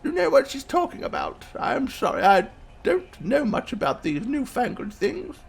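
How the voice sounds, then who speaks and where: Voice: medium pitch, sing-song, normal speed, gravelly, slightly rough, soft background music, pitched above the performer's own voice, exaggerated voice. A game master voicing a flustered old grandmother, fretful and apologetic, in a tabletop game.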